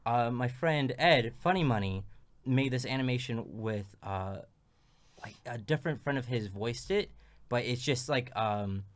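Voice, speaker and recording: A man's voice: mid-range voice, animated, a little slow. A man co-hosting a livestream in casual chat, rambling and joking with lots of "like". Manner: rambling and jokey, lots of fillers. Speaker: livestream co-host.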